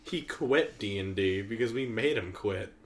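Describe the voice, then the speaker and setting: A man's voice: fairly low pitch, a little slow. A man in casual chat, chiming in with wry, joking remarks.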